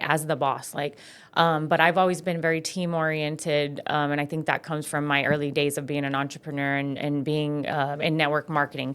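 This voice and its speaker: A woman's voice: deep voice, a bit bright, clear, resonant tone. A woman from San Antonio, Texas, a business owner talking candidly as a podcast guest, with lots of fillers and restarts. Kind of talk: casual podcast conversation.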